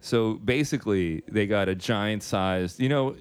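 A man's voice: fairly low pitch, unhurried, clean tone. A man co-hosting a comedy podcast, bantering crudely and explaining things at length. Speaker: co-host, comedian.

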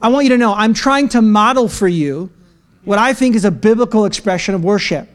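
A man preaching a sermon to a church congregation, energetic and joking, breaking into shouted praise. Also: high-pitched, fairly quick. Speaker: pastor. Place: church sanctuary.

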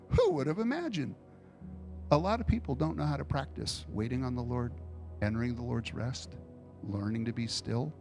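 Gravelly-voiced man preaching casually. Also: medium pitch. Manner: conversational storytelling, animated retellings. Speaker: pastor. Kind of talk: informal sermon with Q&A.

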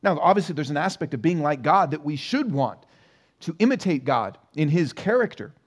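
A male pastor delivering a conversational sermon in a church, his somewhat high voice rising and falling with lively energy. He keeps it personal and relaxed, asking rhetorical questions to the congregation. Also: normal speed, husky. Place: church sanctuary.

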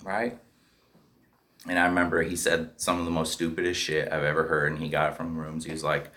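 A man tells his recovery story in a candid, profane way, often checking in with "right?" His voice is extremely low and monotone, fairly quick, with a fairly bright tone.

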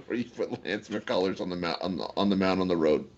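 Male co-host, low voice, argumentative, dull lo-fi mic. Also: fairly quick. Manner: argumentative, defends his picks. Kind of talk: casual sports betting chat. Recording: dull lo-fi sound.

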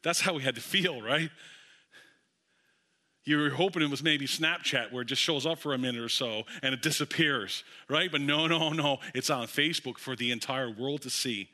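A man preaching a sermon as pastor in a church, telling a story with lively asides to the congregation. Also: mid-range voice, normal speed.

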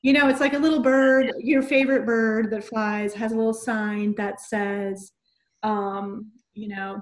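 A woman's voice: a little high, fairly even intonation, unhurried. Gushing, upbeat woman podcast host. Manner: enthusiastic, gushing, affirming. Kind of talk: casual chat.

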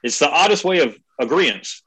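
Husky-voiced man, animated. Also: fairly high pitch, moderate pace, poor audio. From California. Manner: animated, swears freely, mimics voices for effect. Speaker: guest podcaster. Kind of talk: casual podcast chat.

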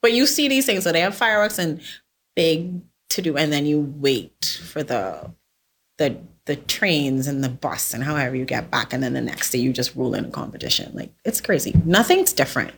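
A woman's voice: deep voice, lively intonation, normal speed, creaky, husky. A woman in her thirties, a podcast guest telling stories in a chatty way and often laughing. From The Bahamas. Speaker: podcast guest, sports volunteer. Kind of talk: casual chat.

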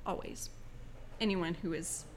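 A woman's voice: on the low side, steady tone, a little hiss or hum. A woman co-hosting a podcast, chatting casually about comics with many fillers. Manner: chatty, uses fillers, quick to laugh. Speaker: podcast co-host.

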